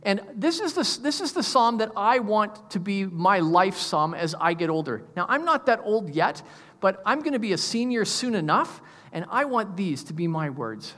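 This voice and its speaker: A man's voice: high-pitched, very animated, normal speed, fairly bright tone. A man in his fifties preaching a sermon as pastor, emphatic and full of rhetorical questions. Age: 50s. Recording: long reverb of a large hall.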